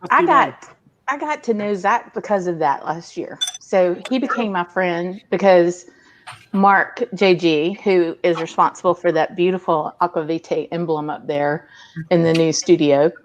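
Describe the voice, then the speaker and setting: A woman's voice: on the low side, a little slow, a little hiss or hum. A woman chatting casually and telling a story to friends, with frequent fillers and laughs. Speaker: guest on a live video hangout. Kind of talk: casual chat.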